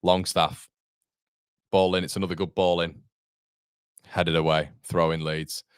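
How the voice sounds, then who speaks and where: A man's voice: sits low, little pitch movement, a little slow, clear, resonant tone, no echo, studio quality. A man hosting a fan watchalong, calling the match live play by play and answering viewer chat, with partisan exasperation. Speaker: fan channel host.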